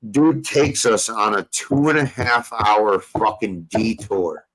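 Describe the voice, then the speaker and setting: A man's voice: fairly low pitch, slow, a bit bright, poor audio. A young man hosting a casual talk show, telling a rambling story full of profanity and street slang. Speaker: podcast host.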